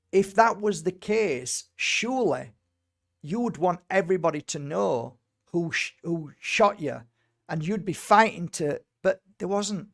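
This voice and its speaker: Male medium guest, high-pitched, emphatic, animated storyteller who repeats and restarts words. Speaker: spiritual healer and medium, guest. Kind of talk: casual storytelling conversation.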